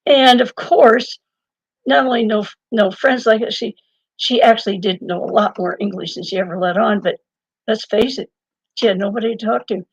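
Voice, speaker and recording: Gravelly older woman, rambling storyteller. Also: mid-range voice, normal speed, dry recording. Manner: rambling, digressive, laughs often. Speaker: interview guest. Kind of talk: conversational storytelling. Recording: dull lo-fi dry sound.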